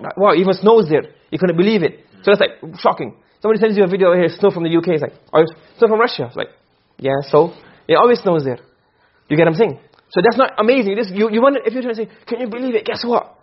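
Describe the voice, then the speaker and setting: A man teaching a lesson in Arabic rhetoric, explaining step by step and often checking that his students follow. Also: high-pitched. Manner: acts out short quoted exchanges. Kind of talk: classroom lecture. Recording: dull lo-fi classroom recording.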